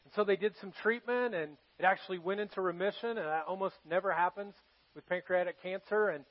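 A male pastor preaching a sermon in a church, telling stories earnestly and going quiet for serious moments. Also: high-pitched, brisk. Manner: earnest storytelling, drops soft for serious moments. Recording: dull lo-fi sermon recording.

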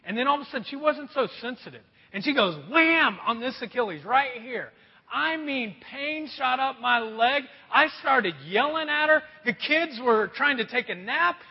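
A middle-aged man preaching a sermon as a pastor, telling a self-deprecating story in an animated way. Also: very high-pitched, moderate pace, creaky, husky. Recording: dull sound with long hall reverb.

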